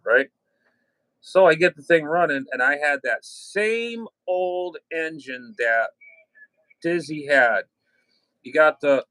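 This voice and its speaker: A man's voice: mid-range voice, a bit bright, dry recording, poor audio. Rambling chatty man on ham radio. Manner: rambling, chatty, with restarts and mild cursing. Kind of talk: casual radio chat.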